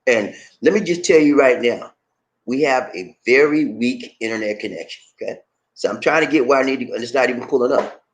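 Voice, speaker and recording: A man from Charleston, South Carolina, with a Gullah Geechee accent, chatting casually to camera in an animated, laughing way, full of slang like "man" and "baby". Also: mid-range voice, fairly quick. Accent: Gullah Geechee, South Carolina Lowcountry. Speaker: vlogger. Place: Philippines.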